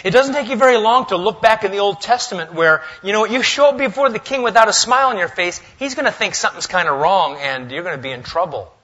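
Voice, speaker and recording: Bright-voiced man preaching a sermon. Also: high voice, quick pace, hardly any pauses, muffled recording. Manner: lively preaching, swings from loud to hushed. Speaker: pastor. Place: church sanctuary.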